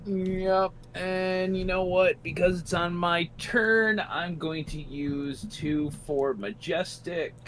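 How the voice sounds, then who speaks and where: A man playing a tabletop game, speaking in a deliberate, wry way. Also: high-pitched, fairly even intonation, fairly bright tone, a little hiss or hum. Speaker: player. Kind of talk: casual chat at a tabletop game.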